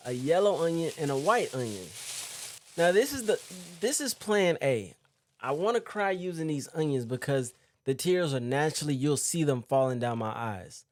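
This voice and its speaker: A young man talking casually to camera from home as a poker vlogger, chatty and animated, speaking straight to his viewers. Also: fairly high pitch, normal speed. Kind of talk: casual vlog talk to camera.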